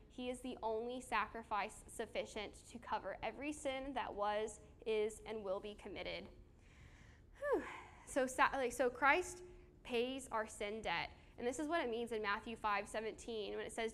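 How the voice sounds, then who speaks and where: A woman's voice: a little high, fairly bright tone, a little hiss or hum. Chatty young-sounding woman preaching casually. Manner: chatty and self-deprecating, with fillers and audience call-and-response. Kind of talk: casual sermon to a live group. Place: room with a small audience. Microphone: handheld microphone.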